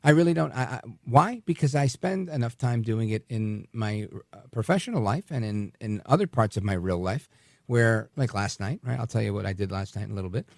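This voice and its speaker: Gravelly, animated male talk host. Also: on the low side, fairly quick, dry recording, clean studio sound. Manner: animated, repeats words when starting sentences. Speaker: radio talk show host. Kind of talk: casual monologue storytelling.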